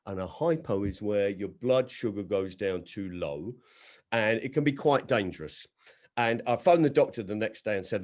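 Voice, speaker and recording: Guy doing standup over a video call, big loud bits then quiet asides, lively voice. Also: moderate pace. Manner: animated, jumping between loud acted quotes and low asides. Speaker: stand-up comedian. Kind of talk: stand-up storytelling. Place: home setup on a video call.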